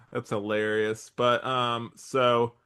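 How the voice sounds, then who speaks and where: A young man co-hosting a casual rewatch podcast, with a bright, forward voice and a mid-range pitch. He rambles through his points with plenty of likes and ums and breaks into laughter often. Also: flat delivery, very slow, smooth. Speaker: podcast co-host.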